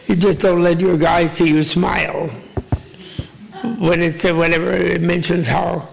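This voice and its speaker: A man's voice: high voice, gravelly, breathy edge, low-quality recording. An older man giving a casual, joking Buddhist teaching to a live audience, rambling with asides to the listeners.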